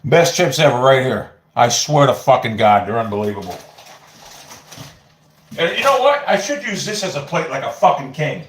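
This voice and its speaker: Man, casual livestream chat, rambling, profane, lively pitch, echoey kitchen, phone audio. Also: moderate pace, slight background noise. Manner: rambling, profane, easily excited. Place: home kitchen.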